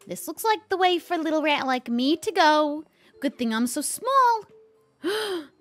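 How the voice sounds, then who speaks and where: A high, bright woman's voice roleplaying a rat in a game, jumping all over her range. She keeps up a put-on New York rat voice and an excitable, giggly manner, over faint music. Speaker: streamer playing a rat in a roleplay server.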